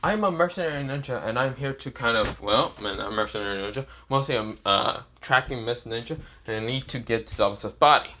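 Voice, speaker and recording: A man doing a calm polite young ninja. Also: medium pitch, brisk, hardly any pauses, slight background noise, pitched below the performer's own voice, lightly acted.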